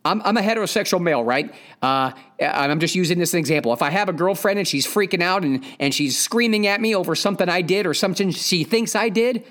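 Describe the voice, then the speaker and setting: A man's voice: high-pitched, quick pace, hardly any pauses, fairly bright tone. Blunt, profane man ranting on a podcast. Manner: emphatic, repeats key points. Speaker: podcast host. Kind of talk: opinionated podcast monologue.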